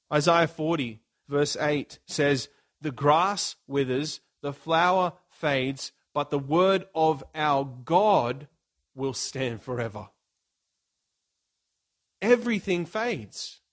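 Slow, emphatic preaching man. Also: fairly high pitch. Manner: earnest, emphatic preaching with dramatic pauses. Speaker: pastor. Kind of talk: sermon.

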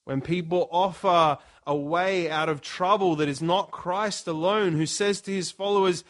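Slow, emphatic preaching man. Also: sits high, fairly even intonation, fairly bright tone. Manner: earnest, emphatic preaching with dramatic pauses. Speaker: pastor. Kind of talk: sermon.

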